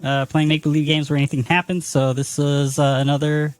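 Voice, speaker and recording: A man's voice: fairly high pitch, level tone, fairly quick, no room sound, soft background music. A man hosting a tabletop game podcast as game master, joking crudely and swearing freely. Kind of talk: casual tabletop podcast chat.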